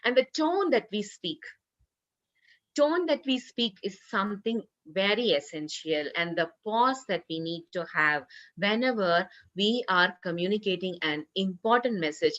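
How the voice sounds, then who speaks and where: A woman's voice: fairly low pitch, fairly bright tone, lo-fi sound. A woman corporate trainer giving an online training session, earnest, repeating herself with many "you know" fillers. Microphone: video call.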